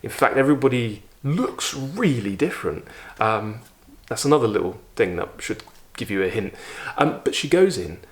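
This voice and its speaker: A man's voice: medium pitch, sing-song, normal speed. A man, vividly retelling a personal story in a casual video, with frequent fillers. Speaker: YouTube host. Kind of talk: storytelling vlog.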